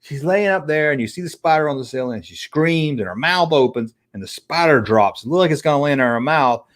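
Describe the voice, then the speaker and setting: A man's voice: a little high, fairly quick. A middle-aged man hosting a casual livestream, chatting with viewers in a rambling, profane way. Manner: animated and profane, rambling between tangents. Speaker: livestream host.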